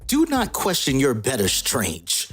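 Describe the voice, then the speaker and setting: An arrogant, menacing sorcerer tyrant with a husky, mid-pitched voice, as a man reads him out from a comic. Faint music sits under the reading. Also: wildly swooping pitch, measured pace, fairly bright tone, exaggerated voice. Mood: cold. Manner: read aloud from a comic.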